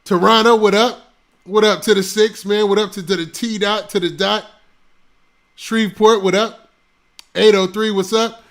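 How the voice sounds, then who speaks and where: A man hosting a casual live stream on a close mic, shouting out viewers' locations and talking in laid-back slang. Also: high-pitched, fairly even intonation, normal speed, vocal fry, long pauses. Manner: shouting out viewers' locations one after another.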